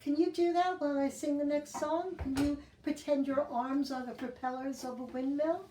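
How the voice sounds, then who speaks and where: A woman leading a children's sing-along and story time, speaking gently in a sing-song way to young kids. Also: sits high, fairly even intonation, moderate pace, slight background noise. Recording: echoey room, mic at a distance, guitar.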